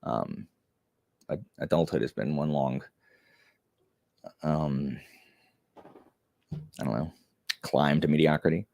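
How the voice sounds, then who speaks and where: A man's voice: extremely low pitch, takes it slowly, vocal fry, long pauses, darkish tone. A young man chatting casually on a live stream, rambling and self-deprecating with many fillers.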